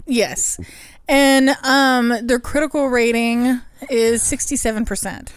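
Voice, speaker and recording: A woman with a fairly high voice co-hosts a relaxed podcast, trading dry, wry remarks. The recording is close and dry, with no room echo. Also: slow pace, smooth. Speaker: podcast co-host. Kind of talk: casual podcast chat.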